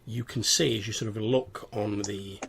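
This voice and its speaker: Game master with a gravelly voice. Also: male voice, on the low side, fairly even intonation, normal speed, noisy background. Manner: casual, swears freely. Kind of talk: narrating a tabletop game.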